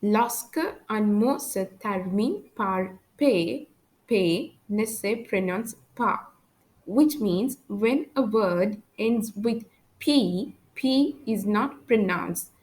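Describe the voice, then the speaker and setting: Brief: female language teacher, measured and deliberate, very slow delivery, mid-pitched voice. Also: darkish tone, rough recording. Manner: slow, careful letter-by-letter pronunciation. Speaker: French teacher. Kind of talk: slow spoken language lesson.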